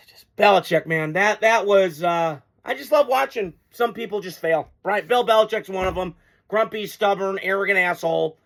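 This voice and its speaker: High, gravelly-voiced man ranting about sports. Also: normal speed, a bit bright. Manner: blunt, profane, mocking. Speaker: sports show host. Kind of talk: opinionated sports talk monologue.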